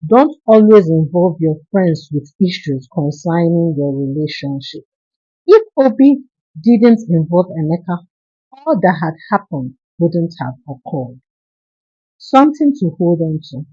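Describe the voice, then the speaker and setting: Husky woman telling a folktale. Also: on the low side, very animated, unhurried, warm tone, muffled recording. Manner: earnest, moralizing. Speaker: storyteller. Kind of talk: scripted folktale narration.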